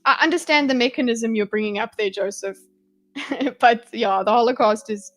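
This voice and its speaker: A woman's voice: fairly high pitch, moderate pace, faint music behind, poor audio. A woman hosting a livestream, giving rambling, sarcastic reaction commentary and chatting with viewers. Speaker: livestream host.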